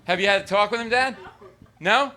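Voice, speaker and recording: A man's voice: high voice, a little fast, sharp tone, slight background noise. A middle-aged man doing a stand-up comedy set on a club stage, rambling and profane, acting out both sides of arguments. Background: audience laughter.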